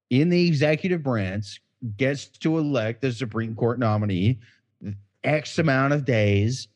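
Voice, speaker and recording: A man's voice: mid-range voice, darkish tone. A drunk man co-hosting a casual podcast, swearing and rambling with slurred words. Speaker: podcast co-host.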